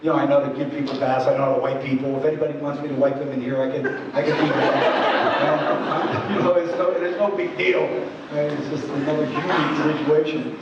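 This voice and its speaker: Male presenter, higher voice, earnest conversational storyteller; dull, distant recording in a large hall. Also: fairly even intonation, fairly quick, background noise. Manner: earnest, many asides and "you know"s.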